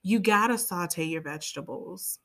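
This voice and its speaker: A woman's voice: fairly low pitch, moderate pace, creaky, fairly bright tone. A woman co-hosting a podcast in a casual, chatty way, rambling into side tangents and playful asides. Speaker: podcast co-host. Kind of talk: casual chat.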